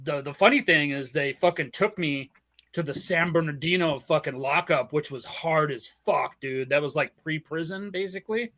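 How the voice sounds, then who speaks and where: A man's voice: fairly high pitch, normal speed, fairly bright tone. A man from Southern California telling rambling, profanity-heavy stories on a podcast, laughing often. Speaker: podcast host. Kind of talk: casual storytelling chat.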